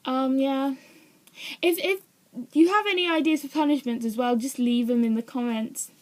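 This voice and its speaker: This vlogger is a young woman whose voice sits high, speaking at a moderate pace. She chats casually to camera, wandering off topic, hesitating, and teasing herself.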